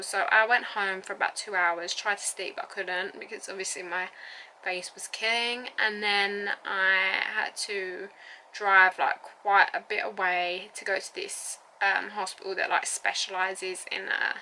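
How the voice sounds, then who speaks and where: Woman, twenties, bright and chatty, giggly rambling vlog storyteller. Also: medium pitch, slight background noise, rough recording. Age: 20s. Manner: rambling, lots of fillers and likes, giggly. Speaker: vlogger. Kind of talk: casual storytelling.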